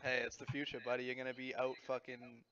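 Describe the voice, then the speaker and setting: Fast-talking profane young man. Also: medium pitch, level tone, lo-fi sound, crowd noise. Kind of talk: casual chat.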